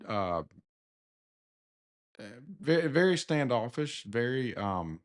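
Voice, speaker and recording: Easygoing Southern man, lively pitch. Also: takes it slowly. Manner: easygoing, candid, self-deprecating. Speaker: podcast co-host. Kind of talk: casual conversation.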